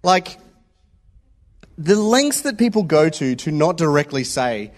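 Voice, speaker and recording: A man with a slightly raised pitch delivers a casual sermon. He talks in a loose, anecdotal way, trailing into stories and checking in with the listeners as he goes. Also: sing-song, unhurried. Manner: conversational, anecdotal, checks in with "yeah?". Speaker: preacher.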